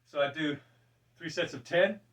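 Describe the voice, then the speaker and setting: A man's voice: fairly high pitch, normal speed, muffled recording. Man in his sixties, heard from a distance. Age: 60s. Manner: chatty and loose, with repeated "right?" checks and soft laughs. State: breathing deeply during the workout. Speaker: fitness vlogger. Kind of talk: casual demonstration while exercising. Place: gym room among exercise machines. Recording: distant mic with faint background noise.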